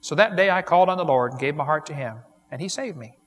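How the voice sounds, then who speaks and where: Folksy preacher man with a high voice. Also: expressive, quick pace, a bit bright. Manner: folksy storytelling, laughs at his own jokes. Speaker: evangelist preacher. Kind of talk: sermon with jokes and altar call.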